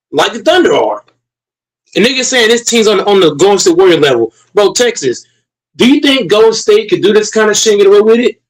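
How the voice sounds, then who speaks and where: A man's voice: sits high, animated, a little fast, poor audio. A man streaming a heated, profane rant, repeating himself and talking straight to his chat.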